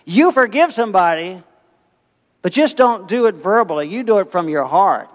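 Pastor guy preaching, acts out the story voices, kinda high pitched, echoey church hall. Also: normal speed. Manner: animated storytelling, acting out voices. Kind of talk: sermon.

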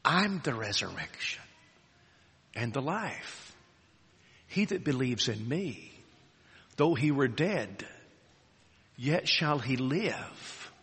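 A man voicing Jesus as a calm, solemn grown man, speaking slowly and softly, recorded in a hall with a long reverb. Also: mid-range voice, full character voice. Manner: slow, hushed, measured delivery.

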